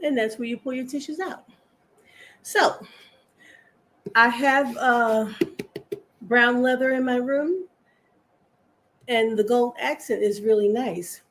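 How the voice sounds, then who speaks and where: A woman's voice: fairly high pitch, slow, long pauses, fairly bright tone, a little hiss or hum. An older woman hosting a live crafting stream, chatting in a rambling, homey way with viewers and her pet.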